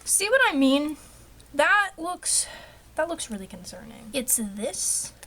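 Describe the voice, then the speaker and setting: Young woman, self-mocking craft vlogger, slightly high pitch, light background noise. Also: sing-song, slow pace, bright, forceful tone. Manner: chatty, self-mocking, talks to herself. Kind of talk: casual rambling craft vlog.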